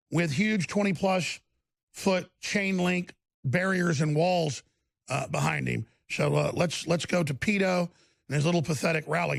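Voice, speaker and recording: A man's voice: on the high side, gravelly. A man with a Texas accent hosting a political commentary show, ranting in a sarcastic, scornful way.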